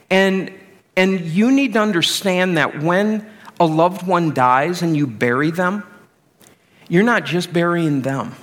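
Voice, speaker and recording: A middle-aged man preaching a sermon as pastor, conversational and self-deprecating. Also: high voice.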